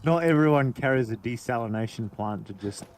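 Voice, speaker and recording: A man's voice: medium pitch, fairly quick. A man who laughs often and talks eagerly and playfully in a casual gaming chat. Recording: clear background noise.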